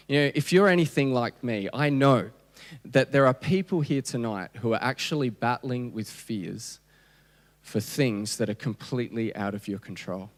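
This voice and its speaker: A man's voice: mid-range voice, unhurried. A man in his thirties with an Australian accent, preaching a conversational, humorous sermon full of restarts. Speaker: pastor. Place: church hall. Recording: long church hall reverb.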